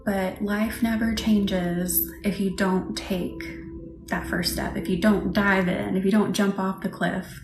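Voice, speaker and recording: Soft-spoken woman in an echoey room. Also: mid-range voice, little pitch movement, slow pace, gravelly, over music. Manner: soft, reassuring, often drops to a whisper. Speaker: Reiki practitioner hosting a live session. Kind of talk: livestream chat with viewers. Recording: echoey room with faint background noise.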